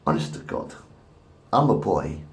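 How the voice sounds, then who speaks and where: A man's voice: deep voice, big pitch swings, unhurried. A man in his fifties rambling crudely and repetitively to a camera at home. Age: 50s. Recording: echoey room.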